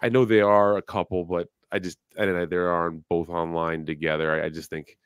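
A man co-hosting a podcast, asking questions in a measured way. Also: low voice, little pitch movement, clear, resonant tone, dry recording, clean studio sound. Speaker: podcast co-host. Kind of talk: casual chat.

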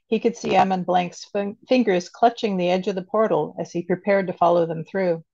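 A woman author reading her fiction aloud in a gentle manner, on a dull lo-fi recording. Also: lowish voice, fairly even intonation, normal speed, vocal fry.

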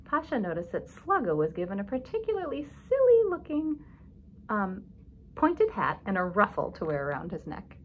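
A woman reads a picture book aloud to children at an even, middle pitch. She reads expressively and pauses to ask her listeners questions. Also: a little hiss or hum, rough recording. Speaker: storybook reader.

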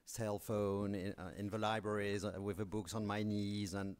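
A man's voice: on the low side, level tone, normal speed, smooth. A man with a French accent giving a conference talk, hesitant and apologetic, often restarting sentences. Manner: hesitant, many restarts and fillers; apologetic, self-deprecating humor. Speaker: academic speaker.

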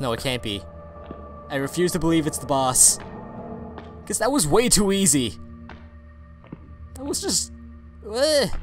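Male let's player, fairly high and unhurried, jokey and mock-scared, reading the game out loud. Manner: playful, mock-scared, reads game text aloud and jokes. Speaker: gamer. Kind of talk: let's play commentary.

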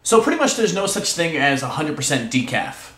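A man hosting an upbeat fun-facts vlog, excitable and prone to shouting his catchphrase. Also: a little high, a little fast, reverberant. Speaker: vlog host.

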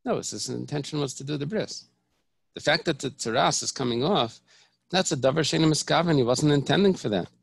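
In this dry recording, a rabbi teaches Talmud with a brisk delivery, breaking each point down step by step, restarting and repeating phrases, and mixing in Hebrew terms. His voice is a little high and slightly rough, with lively intonation and vocal fry.

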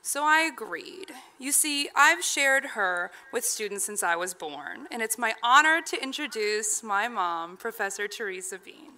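A woman's voice: fairly high pitch, expressive, a little slow, hardly any pauses, bright, forceful tone. A young woman introduces a speaker at a ceremony, telling a playful story. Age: young adult.

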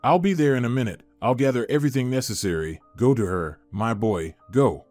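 A man voicing a calm, kindly older woman, a former midwife, with a gentle, soothing manner. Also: mid-range voice, brisk, no room sound, soft background music, lightly acted.

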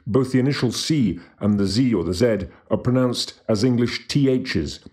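A man giving a scripted language lesson who slowly and carefully demonstrates how to pronounce each word. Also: mid-range voice, a little mellow. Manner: slow, careful demonstration of pronunciation. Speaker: language teacher.

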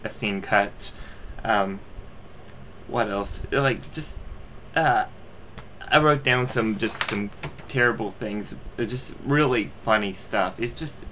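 Young male amateur reviewer, bright tone, loose unscripted rambling. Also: lowish voice, slight background noise. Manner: rambling, full of fillers and restarts. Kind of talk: casual movie review.

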